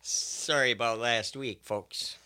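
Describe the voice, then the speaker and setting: Bright-voiced joking radio host, a man. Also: mid-range voice, steady tone, takes it slowly, clean tone. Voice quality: smoker's voice. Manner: self-deprecating, joking. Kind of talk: casual on-air chat.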